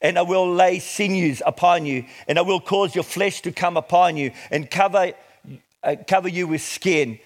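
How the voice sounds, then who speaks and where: A middle-aged man preaching a sermon, reading scripture slowly and with emphasis before explaining it. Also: high-pitched. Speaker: pastor.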